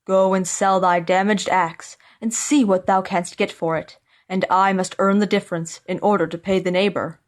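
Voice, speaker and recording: A gruff old woodcutter who grumbles and scolds his bookish son in old-fashioned speech, read aloud by a woman. He sounds worn down by hard work and short of money. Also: mid-range voice, steady tone, moderate pace, hardly any pauses, close to an everyday voice. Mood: scolding. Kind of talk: storybook reading.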